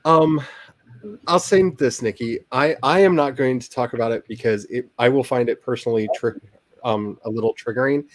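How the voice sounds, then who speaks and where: A man's voice: mid-range voice, moderate pace, no echo. A man hosting a writing livestream, chatting casually in a rambling, joking, self-deprecating way. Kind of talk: casual chat.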